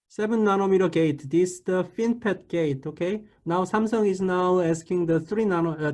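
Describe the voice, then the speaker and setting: Halting, high-voiced male lecturer. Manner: halting, many restarts and repeated "okay". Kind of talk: classroom lecture.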